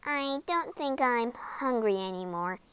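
A woman voicing a squeamish, indignant young princess who talks in a high, whiny, emphatic way. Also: lively intonation, measured pace, a bit bright, smooth, dry recording.

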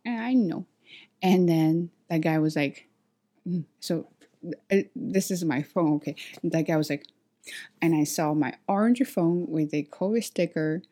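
Lively woman vlogger. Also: low-pitched, measured pace. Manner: animated retelling, acts out others' lines; hesitant, many fillers and restarts. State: sweaty after a walk. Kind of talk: casual storytelling to camera.

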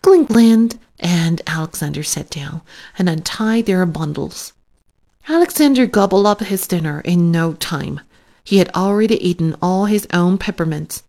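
A woman reading a children's story aloud in a gentle, unhurried way. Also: fairly low pitch, expressive.

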